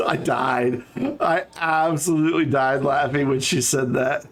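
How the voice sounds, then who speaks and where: A man's voice: medium pitch, steady tone, measured pace, soft background music. A man streaming a city-building game, chatting casually and thinking aloud as he builds. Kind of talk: casual let's-play commentary.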